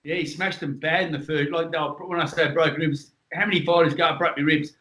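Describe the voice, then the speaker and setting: An Australian man telling a story in a casual chat, animated and acting out the people in his stories. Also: fairly high pitch, a little fast. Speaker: guest, former boxer.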